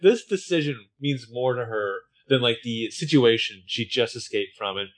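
A man's voice: mid-range voice, normal speed. Chatty, jokey podcast co-host man. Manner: relaxed, jokey, chatty asides. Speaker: podcast co-host recapping a TV episode. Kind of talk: casual chat.

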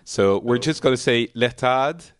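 A man's voice: medium pitch, lively intonation, unhurried, a little hiss or hum. A man from France, hosting a casual call-in chat show, talking in a chatty way with many fillers and restarts. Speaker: podcast host.

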